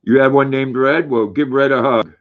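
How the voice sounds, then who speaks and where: Older male stream host, folksy and easygoing, reads chat aloud; muffled low-fi audio. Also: steady tone, normal speed. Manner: folksy, reads viewer comments aloud, talks to his dog. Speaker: livestream host. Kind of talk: casual livestream chat reading comments.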